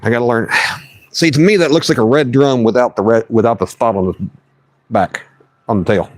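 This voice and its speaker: A man's voice: medium pitch, brisk, a little mellow, no echo. A man live-streaming while he fishes, chatting folksy and casual and reading his chat aloud. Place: outdoors on the water.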